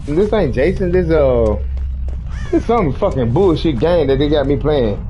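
A man gives loud, casual gaming commentary, his pitch jumping all over as he jokes and swears at his teammates. His voice comes through a slightly muffled recording. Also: animated, measured pace, faint music behind. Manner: loud joking trash talk, swearing. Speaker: gamer.

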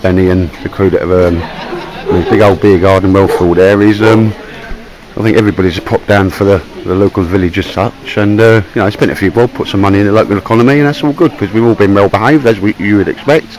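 A man's voice: lowish voice, fast talker, low-quality recording. A man from London with a Cockney accent, chatting casually to camera in a vlog, joking and rambling with plenty of filler words. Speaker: vlogger.

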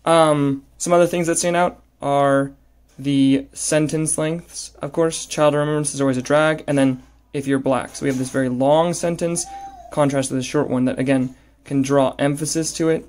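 A man's voice: fairly high pitch, steady tone, moderate pace, darkish tone. A man teaching a lesson on a poem, talking hesitantly with many fillers and restarts while he annotates it.

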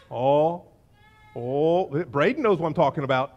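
Male pastor, middle-aged, high and very lively voice, storytelling sermon style. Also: moderate pace. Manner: animated storytelling, acting out voices.

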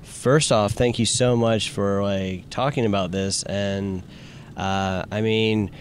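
A man from Tennessee hosting an interview, reacting with empathy and asking gentle questions. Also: lowish voice, steady tone, slow pace, a little hiss or hum. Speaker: host. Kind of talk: casual interview.

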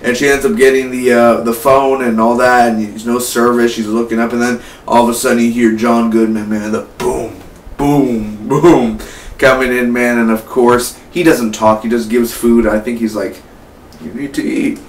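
An eighteen-year-old man giving a casual, rambling spoiler review of a film. He gets excited and keeps tossing in "man" and "like". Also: mid-range voice, moderate pace, hardly any pauses. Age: late teens. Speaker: movie reviewer. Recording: echoey room, mic at a distance, faint hum.

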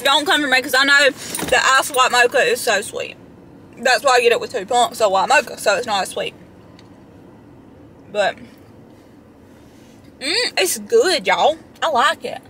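A young woman vlogging from her car with a high, sparkly voice that sits well above the usual. She rambles in a chatty, self-deprecating way, full of fillers. Faint car hum sits behind her. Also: animated, unhurried, pauses often, pushed and bright. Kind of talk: casual vlog chatter. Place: inside a parked car in a drive-thru line. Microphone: handheld camera close up.

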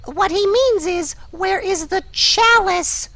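A woman voicing a small, touchy young female adventurer in a cheeky, excitable way. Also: extremely high pitch, slow, no echo, full character voice. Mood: perky.

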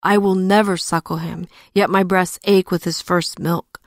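A woman voicing a grieving young princess who pleads in despair through tears, in a low, gravelly voice. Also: fairly even intonation, moderate pace, dry recording, studio quality, natural voice. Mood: pleading. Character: grieving young princess, broken-hearted wife.

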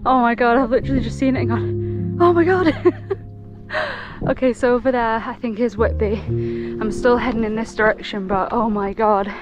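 Hiking a moorland trail alone, a woman vlogs casually to camera as she walks, out of breath, giddy, gushing and laughing often. Her voice is on the high side with little pitch movement and a fairly quick pace. The audio is dull, with music in the background.

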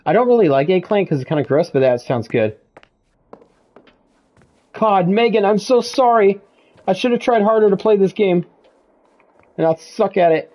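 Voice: mid-range voice, expressive, moderate pace, long pauses, darkish tone. A streamer playing a horror game live, panicking, swearing nonstop and yelping between nervous laughs.

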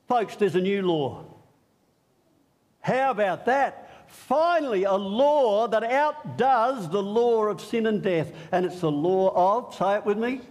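A middle-aged man preaching an Easter sermon in a church, joking and drawing the congregation in. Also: sits high. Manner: animated, joking, talks with the congregation. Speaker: pastor.

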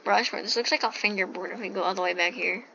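A woman's voice: medium pitch, fast talker, gravelly, pushed and bright. A woman hosting a gameplay video, reading the on-screen text aloud and asking puzzled questions about what she sees. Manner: reads game text aloud with puzzled remarks. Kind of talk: casual game commentary. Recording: dull lo-fi mic with faint hiss.

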